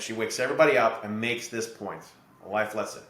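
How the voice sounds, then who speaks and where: A middle-aged man from New Jersey, a podcast guest and real estate investor, explaining his ideas through steady anecdotes. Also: on the low side, a little fast. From New Jersey, USA. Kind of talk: podcast interview storytelling. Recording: echoey room.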